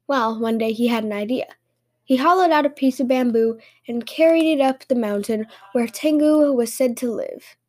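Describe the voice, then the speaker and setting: High-voiced woman reading fairy tales. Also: normal speed. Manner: lively, expressive storytelling. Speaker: podcast host and storyteller.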